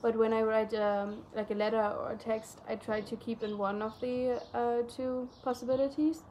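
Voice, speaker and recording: A woman's voice: fairly high pitch, flat delivery, normal speed, warm tone, a little hiss or hum. Young German woman, casual chatty talk. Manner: rambling, many fillers. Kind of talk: casual chat.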